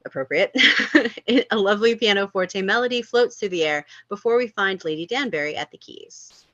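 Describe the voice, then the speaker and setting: A woman reading stage directions at a table read, expressive with amused asides. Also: medium pitch, fairly quick, no room sound. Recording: dull lo-fi sound.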